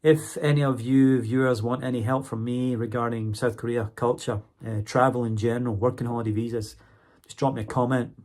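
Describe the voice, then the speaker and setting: A man's voice: medium pitch, steady tone, fairly quick, a little mellow. A man talking casually to his viewers in a vlog, chatty, often checking in with "okay?" and "right?". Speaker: vlogger and English teacher.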